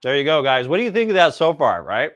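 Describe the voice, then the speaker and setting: A man's voice: a little high, sing-song, fast talker, fairly bright tone, no echo. A man hosting a casual cooking livestream, chatting and rambling to his viewers while he cooks outdoors. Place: outdoors by a pizza oven.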